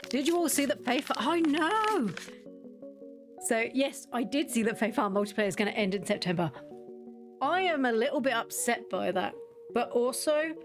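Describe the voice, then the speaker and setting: A woman giving casual, rambling commentary while playing a video game, chatty and quick to laugh. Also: a little high. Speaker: game streamer.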